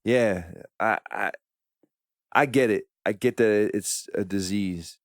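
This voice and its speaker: A man's voice: lowish voice, slow pace, no echo, clean studio sound. A man in a casual podcast chat, talking bluntly and swearing. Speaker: podcast co-host.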